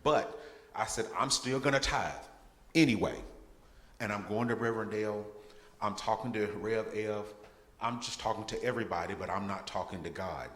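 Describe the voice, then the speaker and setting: Male guest speaker, animated humorous testimony, somewhat low voice, echoey church hall. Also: a little fast. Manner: animated, humorous storytelling with laughter. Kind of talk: testimony talk in a church service. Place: church sanctuary.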